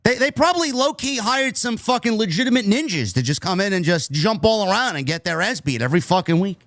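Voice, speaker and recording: Lively profane man reviewing wrestling. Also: sits high, a little fast, dry recording, studio quality. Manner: profane, nostalgic, tangent-prone. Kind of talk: casual rambling review.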